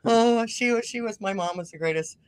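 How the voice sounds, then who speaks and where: Brisk and clear, her medium-pitched voice has a resonant tone with no echo. The middle-aged northern Minnesota woman, a musician and podcaster appearing as a guest, keeps the interview casual, rambling through anecdotes and laughing a lot.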